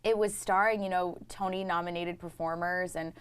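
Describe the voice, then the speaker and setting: A chatty young woman from Texas talks about her stage career in a bubbly way, joking and laughing easily. Her voice sits a little low for a woman. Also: steady tone, normal speed, smooth. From Houston, Texas. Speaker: Broadway actress, guest. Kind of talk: casual interview chat.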